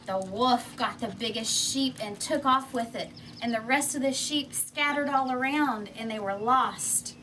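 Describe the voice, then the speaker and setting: Slow, high-voiced woman telling a fable. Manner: expressive and animated. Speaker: storyteller. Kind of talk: children's story read aloud with props. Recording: distant mic, faint background noise.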